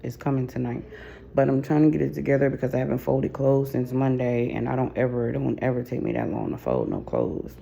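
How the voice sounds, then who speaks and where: Tired woman with a gravelly voice. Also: animated, brisk, mellow. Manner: tired, low-energy, sighing, heartfelt. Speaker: vlogger. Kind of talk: casual personal vlog. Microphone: camera mic.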